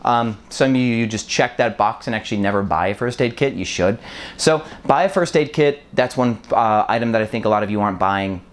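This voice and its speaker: This is a brisk, lowish male voice belonging to a Wisconsin vlogger in his thirties who runs short-term rentals. Talking casually to camera in an apartment packed with boxes, he wanders from point to point, um-ing a lot, his mostly neutral American speech touched faintly by Wisconsin.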